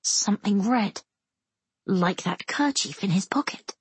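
A woman's voice: mid-range voice, animated, unhurried, breathy edge, dry recording. A woman voicing a frightened, tired young boy who gives timid, hesitant answers in an audiobook.

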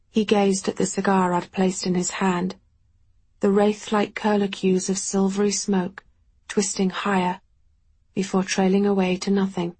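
A woman narrating an audiobook in the first person, her voice deeply breathy and husky. She reads slowly, in a quiet, measured and reflective way. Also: level tone.

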